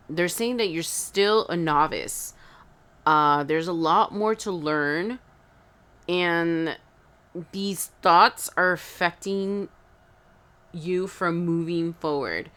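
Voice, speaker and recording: A woman giving an intuitive tarot reading, talking haltingly with many fillers and sounding choked up, near tears. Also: fairly low pitch, a bit bright, clean tone. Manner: halting, filler-heavy, emotional, addresses viewers as guys. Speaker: tarot reader.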